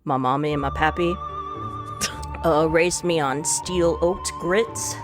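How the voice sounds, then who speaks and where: A woman voicing a boastful, vain Texan cowboy man in a put-on Southern accent, with her voice lowered into a bragging drawl. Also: slow pace, music in the background.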